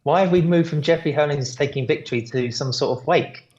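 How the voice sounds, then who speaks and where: A man's voice: a little high, a little fast, a little mellow, dull audio. A British man who is a guest on a podcast, telling long anecdotes in a rambling way with plenty of fillers. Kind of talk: casual podcast chat.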